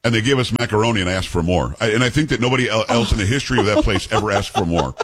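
A man hosting a talk radio show, telling stories in quick, animated casual banter and mimicking the people in them. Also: fairly low pitch, breathy edge. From from an Italian-American family. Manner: fast, animated storyteller who mimics people.

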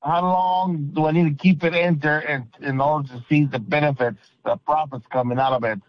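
Male radio caller, polite, hesitant, slightly high voice, muffled phone line. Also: fairly even intonation, normal speed, no room sound. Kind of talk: phone-in question.

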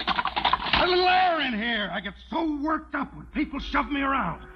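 A ranting, hot-tempered rancher. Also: male voice, extremely high pitch, big pitch swings, normal speed, very noisy. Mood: fuming. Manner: blustering, ranting, mock-pathetic. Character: hot-tempered broke rancher, blustering and loud. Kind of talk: old film acting. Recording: dull old film soundtrack.

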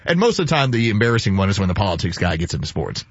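A man's voice: lowish voice, big pitch swings, rapid-fire, husky, no room sound, dull audio. A man hosting a radio sports show, chatting with a co-host and reading the sports headlines. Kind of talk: casual radio chat and read sports headlines.

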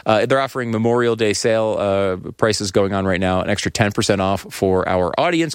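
A man's voice: lowish voice, moderate pace, hardly any pauses, clean tone, no room sound, clean studio sound. A man co-hosting a casual talk show, joking with his partner and reading a sponsor ad. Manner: animated, jokey, reads sponsor copy. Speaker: co-host.

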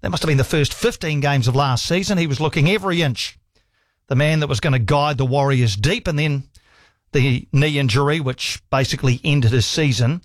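A man's voice: on the high side, fairly quick, no echo, clean studio sound. A man hosting a sports radio call-in show, enthusiastic, laughing often and reeling off stats. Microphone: studio microphone.

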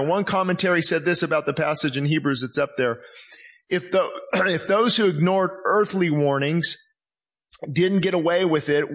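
A man preaching a passionate sermon as pastor in a church, reading scripture slowly and acting out voices. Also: on the high side, a bit bright.

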